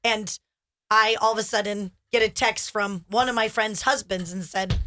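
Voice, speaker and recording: Bright-voiced woman in her thirties, expressive. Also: mid-range voice, moderate pace, slight background noise. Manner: laughing, expressive. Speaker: podcast co-host. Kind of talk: casual storytelling. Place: studio.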